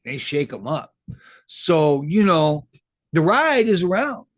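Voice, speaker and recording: A man's voice: on the high side, big pitch swings, takes it slowly, dry recording, clean studio sound. A man who was recently paroled, giving casual, rambling commentary full of swearing and street slang. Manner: rambling, profane street talk. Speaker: formerly incarcerated commentator.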